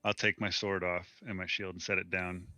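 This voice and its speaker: A man's voice: low-pitched, little pitch movement, a little fast, sharp tone, dry recording. A man playing a tabletop game, earnest and stammering. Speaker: player. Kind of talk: casual tabletop play.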